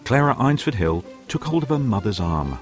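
A man's voice: mid-range voice, moderate pace. A man narrating a storybook expressively, acting out each character. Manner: expressive, acts out every character. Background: faint music.

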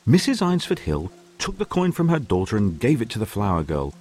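A man's voice: fairly low pitch, a little fast. A man narrating a storybook expressively, acting out each character. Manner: expressive, acts out every character. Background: faint music.

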